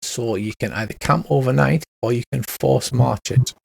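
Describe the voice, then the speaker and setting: A man, narrating a tabletop game as game master in a relaxed, rambling way. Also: mid-range voice, normal speed, creaky. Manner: rambling, relaxed, with many fillers.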